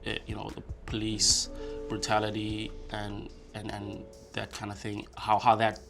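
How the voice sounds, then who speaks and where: A man in a casual group discussion, speaking haltingly and often restarting his sentences. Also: fairly low pitch, completely flat delivery, creaky, over music. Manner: halting, many fillers and restarts. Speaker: podcast co-host.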